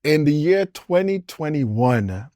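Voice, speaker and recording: A man's voice: a little high, very animated, slow pace, warm tone, dry recording, studio quality. Rambling Caribbean-born man telling stories. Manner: rambling, jumps between topics, chuckles often. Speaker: interview guest. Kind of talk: casual storytelling interview.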